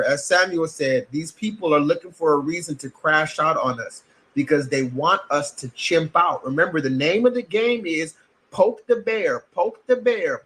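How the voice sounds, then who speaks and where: A man's voice: fairly high pitch, a bit bright. A man from the United States giving blunt, emphatic, profane livestream commentary. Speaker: streamer.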